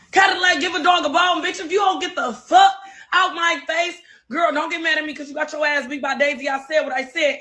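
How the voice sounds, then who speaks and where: A woman yelling a profane, taunting tirade. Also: very high-pitched. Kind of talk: shouted live-stream tirade.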